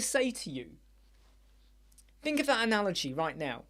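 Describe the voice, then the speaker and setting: A man hosting a live Q&A chat show, rambling and animated, with many fillers. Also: high voice, moderate pace, pauses often. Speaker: host. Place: dark room with soundproof panels.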